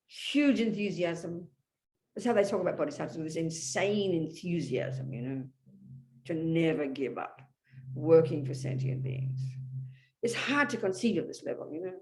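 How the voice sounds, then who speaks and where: A woman giving a Buddhist dharma talk to an audience, blunt and emphatic, often checking in with her listeners. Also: on the low side. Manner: emphatic and animated, often asks the audience "you know?"; blunt, outspoken. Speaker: Buddhist teacher.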